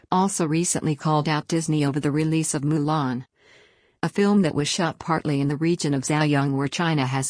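A woman reading a news article aloud in a steady, even read-aloud delivery. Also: low voice, no room sound, clean studio sound.

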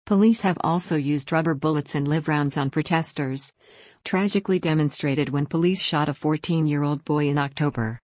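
A woman narrating a scripted news report in an even, formal read-out manner. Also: sits low, normal speed, no echo, clean studio sound.

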